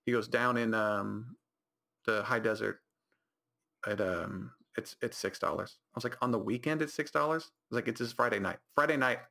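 A man's voice: mid-range voice, normal speed, vocal fry, pushed and bright. A man hosting his own podcast, telling rambling casual stories with lots of restarts and self-corrections. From California high desert. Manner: rambling storytelling with many restarts. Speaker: podcast host. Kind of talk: casual solo podcast talk.

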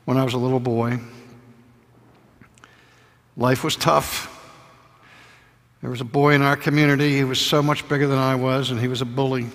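An older man preaching a sermon lecture, telling stories and dropping to a hushed voice on tender points. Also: mid-range voice. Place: lecture hall. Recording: long hall reverb.

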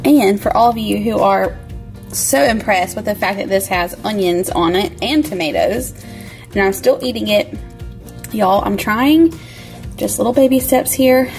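A woman's voice: medium pitch, a little slow, vocal fry, darkish tone, soft background music. A woman, chatting upbeat in her home kitchen while she cooks for her vlog. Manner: chatty, upbeat, says "y'all". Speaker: vlog host. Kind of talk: casual cooking vlog chat.

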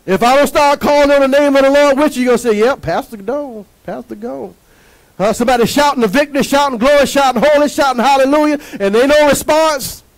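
A male pastor with a strikingly high voice preaches with fervor, firing questions at the congregation and waiting for them to answer. His delivery is emphatic, rhythmic and full of call-and-response. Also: steady tone, fast, few pauses, poor audio. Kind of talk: sermon.

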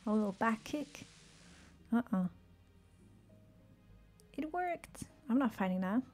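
A woman's voice: a little high, expressive, slow, a little mellow, soft background music. A woman gaming streamer giving playful, casual commentary, swearing freely and talking to her game character.

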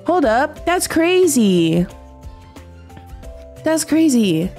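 A young woman streaming a game, chatting casually and excitably with her viewers, often giggling. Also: high voice, extremely slow. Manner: excitable, giggly, talks to chat. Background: faint background music.

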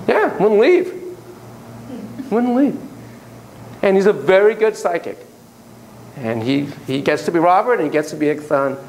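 A man's voice: mid-range voice, a little hiss or hum, low-quality recording. A man lecturing a university class on psychotherapy. He tells casual, self-deprecating stories with frequent asides and acts out the voices he quotes. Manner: animated storyteller who acts out quoted voices.

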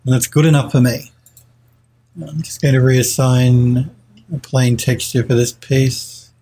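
Male streamer, live modelling tutorial, husky, hesitant, self-correcting. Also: mid-range voice, fairly even intonation, measured pace, dark tone. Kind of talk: live tutorial commentary, reading chat.

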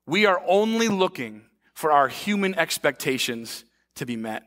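Pastor, man, 30s: lively sermon storytelling, acts out the voices, bright ringing tone with long church reverb. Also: on the high side, moderate pace, few pauses. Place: church sanctuary. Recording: echoey church hall.

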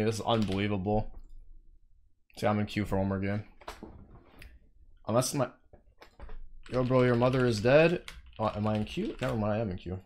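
Young male streamer, profane and indignant, pitch leaping all over the place as he rants. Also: sing-song, fairly quick, long pauses. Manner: profane, indignant ranting, bursts into yelling. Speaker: game streamer. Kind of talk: live stream commentary.

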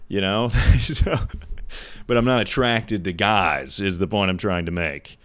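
Male streamer, low announcer-ish voice, sarcastic, casual Q&A banter. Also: measured pace, a bit bright. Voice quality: deep voice. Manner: sounds like announcing things; sarcastic, joking asides. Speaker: livestreamer. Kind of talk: casual livestream Q&A chat.

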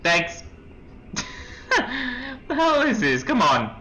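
A man's voice: sits high, huge pitch swings, slow pace, bright, forceful tone, slight background noise, poor audio. A young man playing a horror game, reacting with startled outbursts and nervous laughs while reading the game text aloud. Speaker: let's play gamer.

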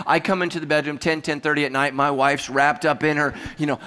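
A man preaching a sermon as pastor, telling stories with humor and lively asides. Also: on the high side, brisk, clean tone, long reverb tail. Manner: humorous, animated storytelling with asides.

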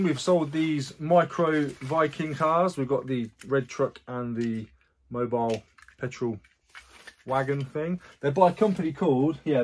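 A man's voice: a little high, a little hiss or hum. A man, chatting casually in a rambling vlog about his resale sales and his past. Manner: chatty, rambling, self-correcting asides. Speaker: online reseller.

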